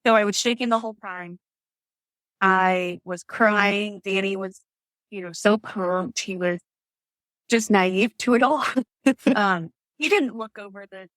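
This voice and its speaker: A woman's voice: medium pitch, measured pace, a bit bright, no room sound, rough recording. A woman guest on a podcast, telling her story in a chatty, casual way, often laughing and acting out what others said. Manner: chatty, lots of fillers.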